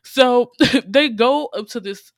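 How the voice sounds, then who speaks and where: A woman in casual chat, excitedly recapping a drama episode, quoting the characters and swearing freely as she laughs. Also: a little high, slow, no echo, clean studio sound. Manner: animated storytelling, quotes characters, laughs often, swears freely. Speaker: podcast co-host recapping a drama.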